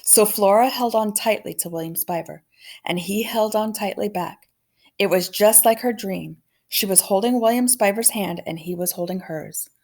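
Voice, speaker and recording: A woman reading a children's novel aloud in a gentle, measured storytelling manner. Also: medium pitch.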